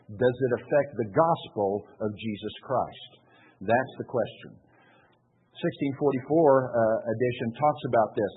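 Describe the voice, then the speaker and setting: A man preaching a sermon with a husky voice, asking the congregation questions and answering them himself. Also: mid-range voice. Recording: tinny narrow-band recording.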